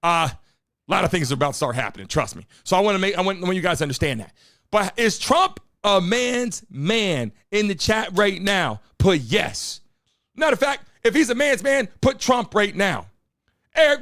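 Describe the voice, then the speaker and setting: A man's voice: sits high, no room sound, clean studio sound. Hyped live-stream host, man. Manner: loud, hyped, swearing, rallying the chat. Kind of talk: energetic live-stream talk to chat. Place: studio.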